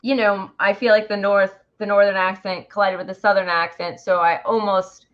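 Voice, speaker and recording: A woman co-hosting a casual podcast interview, unhurried and hesitant with fillers. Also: mid-range voice, little pitch movement. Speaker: podcast co-host. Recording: muffled lo-fi audio.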